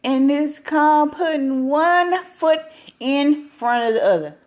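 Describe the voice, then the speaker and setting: Woman live-streamer, animated, laughing, voice a bit high and swooping. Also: takes it slowly. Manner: animated, voice swinging up and down, laughing often. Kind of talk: casual live stream talk.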